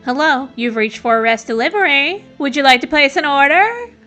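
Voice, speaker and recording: A woman voicing a polite automated food delivery phone line, in flat service phrasing. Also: high voice, normal speed, faint music behind, voice pushed up.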